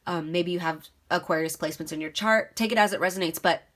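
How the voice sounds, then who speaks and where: A woman's voice: lowish voice, fast talker, fairly bright tone. A woman giving a casual tarot reading, talking straight to her viewers in a chatty, reassuring way. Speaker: tarot reader.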